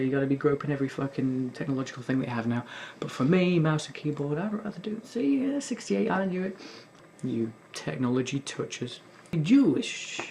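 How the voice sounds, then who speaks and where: A man's voice: a little high, gravelly, a little mellow, a little hiss or hum. A young man hosting a gaming video, rambling in casual sardonic commentary and swearing often. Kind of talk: casual commentary while playing.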